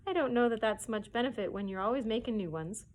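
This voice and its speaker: A woman's voice: a little high, slight background noise, natural voice. Woman doing stern old Marilla. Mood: dry. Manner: brisk, scolding. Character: stern, sharp-tongued older spinster guardian.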